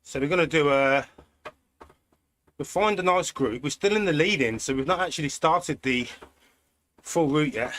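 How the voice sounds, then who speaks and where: A man from Britain with a British accent, chatting in a relaxed way while hosting a cycling live stream from an indoor trainer at home. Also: on the high side, a little hiss or hum. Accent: British English. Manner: relaxed, chatty, thinking aloud with pauses. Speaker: cycling livestream host. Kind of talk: casual live-stream chat while riding.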